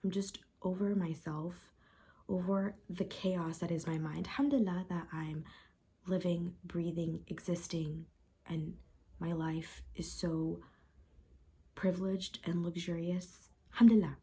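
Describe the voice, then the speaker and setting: A woman's voice: lowish voice, steady tone, measured pace, dark tone, slightly rough. A young woman talking candidly and upset in a confessional vlog, rambling and repeating herself. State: upset and frustrated. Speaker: vlogger.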